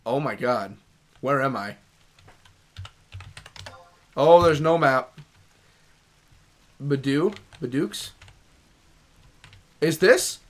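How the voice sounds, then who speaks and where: A young man streaming a video game, chatting casually and rambling between sudden excited outbursts. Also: medium pitch, drawn-out words, pauses often. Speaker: gaming streamer. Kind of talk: casual let's-play commentary.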